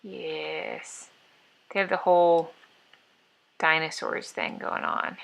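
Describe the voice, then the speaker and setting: A woman's voice: deep voice, fairly even intonation, slow pace, gravelly, pauses often, fairly bright tone. A woman livestream host chatting casually to herself and her viewers while she draws. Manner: rambling, talks to herself while working. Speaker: livestream host drawing for patrons. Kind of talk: casual chat while drawing.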